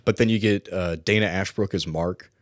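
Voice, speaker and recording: A man co-hosting a podcast in a relaxed, casual film chat, often chuckling. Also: low voice, moderate pace, no echo, clean studio sound. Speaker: podcast co-host.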